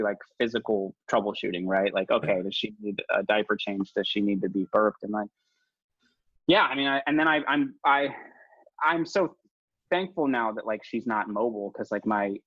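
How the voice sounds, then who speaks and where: A man's voice: lowish voice, no room sound. A man who is a podcast guest and new father, talking in a rambling, self-mocking way with many restarts and laughs. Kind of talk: casual podcast conversation. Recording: dull, lo-fi dry audio.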